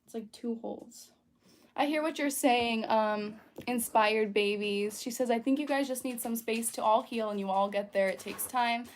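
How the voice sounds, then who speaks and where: A woman's voice: fairly high pitch, normal speed, hardly any pauses, a little hiss or hum. A young woman hosting a casual livestream, talking in an earnest, chatty way with lots of fillers. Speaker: livestream host. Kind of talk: casual livestream chat while painting.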